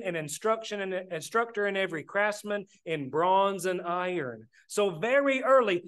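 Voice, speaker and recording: A man's voice: high voice, a bit bright. A man preaching a sermon, plainspoken, often calling his listeners "brethren". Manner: plainspoken, addresses the congregation as brethren.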